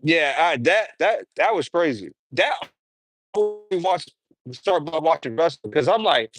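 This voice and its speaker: A young man streaming from his garage, chatting casually and excitably in slang, often breaking into impressions and humming. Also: fairly high pitch, unhurried, dry recording.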